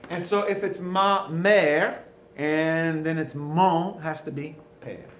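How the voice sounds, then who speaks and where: A man with a South Louisiana accent teaches French in a recorded classroom lesson, patiently going over answers and posing questions he then answers himself. His voice is on the high side, slow and a bit bright, in an echoey room with faint ambient noise.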